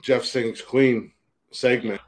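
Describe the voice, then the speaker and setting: Male podcast co-host, mid-pitched, loose rambling delivery full of laughs. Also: fairly even intonation, takes it slowly. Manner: rambling, laughs often, stumbles and restarts. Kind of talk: casual chat.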